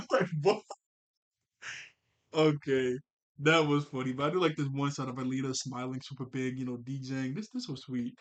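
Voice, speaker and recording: A man's voice: medium pitch, a little slow. A man casually recapping a cartoon episode scene by scene, laughing often as he goes. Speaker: cartoon reviewer.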